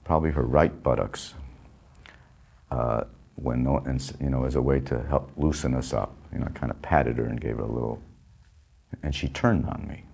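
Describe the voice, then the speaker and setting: The older actor's low, rumbling voice is gravelly and darkish with a breathy edge, at a normal speed. He rambles through a story about a past film, stopping mid-sentence and chuckling quietly.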